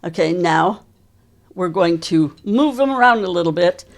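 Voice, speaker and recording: A woman teaching a drum lesson, calmly explaining sticking patterns and counting beats aloud from behind her kit. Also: on the low side, a little slow. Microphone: mic worn while playing kit. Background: drum kit playing.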